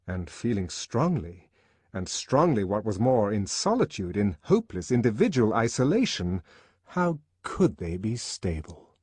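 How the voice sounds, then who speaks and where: Male audiobook narrator, lively delivery, slightly husky, dry close sound. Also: on the low side, measured pace, no room sound. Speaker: audiobook reader.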